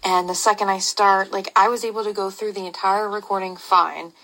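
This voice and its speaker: A woman's voice: medium pitch, fairly even intonation, a little fast, sharp tone, low-quality recording. A woman speaking in a blunt, casual way, swearing freely.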